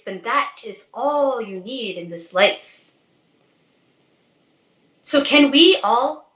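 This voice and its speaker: A woman's voice: on the high side, fairly bright tone, roomy sound, poor audio. Earnest woman giving a devotional talk. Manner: earnest, exhorting, rhetorical questions. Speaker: devotional speaker.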